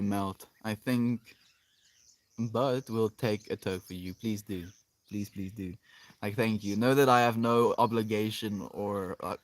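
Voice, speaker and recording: Soft-spoken, meandering man streaming outdoors. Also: lowish voice. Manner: meandering, reflective, often trailing off softly. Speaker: livestreamer reading chat. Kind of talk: casual livestream chat. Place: outdoors in an open field.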